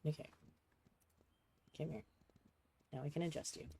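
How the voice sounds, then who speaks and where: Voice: mid-range voice, measured pace, creaky, dark tone, breathy edge. A streamer chatting casually at a home desk, talking dotingly to a cat on their lap. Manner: doting, chatty talk to a pet. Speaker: game streamer. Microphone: desk microphone with webcam.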